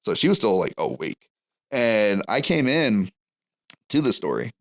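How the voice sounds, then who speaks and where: A man's voice: on the low side, sing-song, a little slow, gravelly. A man on a podcast, telling long rambling stories in a casual chat and laughing through them. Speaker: podcast guest.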